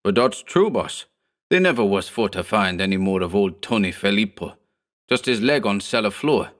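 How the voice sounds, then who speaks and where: A man's voice: fairly low pitch, lively intonation, normal speed, a bit bright. A man voicing a big, superstitious gangland thug who talks in broken English and pleads with his boss. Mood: pleading. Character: hulking hog-necked male thug, fearful.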